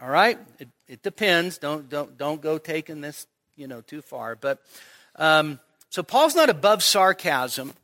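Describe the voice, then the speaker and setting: A male pastor with a bright, clear voice that sits a bit high for a man. He preaches at an unhurried, deliberate pace. He talks to the congregation casually and keeps checking in with "okay?". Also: very animated. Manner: conversational, asks the audience "right?" and "okay?" often; acts out imagined dialogue with playful sarcasm. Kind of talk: expository sermon.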